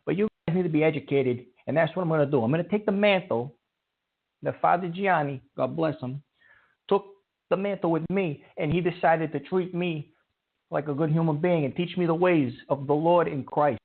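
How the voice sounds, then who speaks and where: A man hosting a call-in show, his voice sitting a little high and gravelly. He rambles and keeps restarting his sentences. The whole thing sounds tinny, like a phone line. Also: normal speed.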